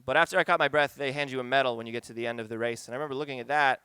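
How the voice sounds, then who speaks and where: A man's voice: mid-range voice, fast, sharp tone, clear, resonant tone, dry recording. A man telling a personal story live on a pub stage, conversational and wry, turning earnest.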